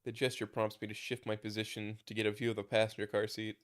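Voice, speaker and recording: A man's voice: on the low side, level tone, fast. A man casually reading a fan story aloud, with small stumbles and restarts as he goes. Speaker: story narrator.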